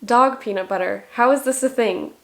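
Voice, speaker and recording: A woman's voice: fairly high pitch, normal speed, gravelly, a bit bright. A young woman reading comments aloud at home in a dry, self-mocking way. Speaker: vlogger.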